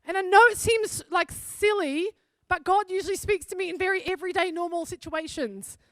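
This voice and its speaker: A woman pastor with a high voice tells a story from the pulpit, earnest and conversational. The sound is close and dry, with no room around it. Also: brisk, a bit bright, no room sound. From South Africa. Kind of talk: sermon.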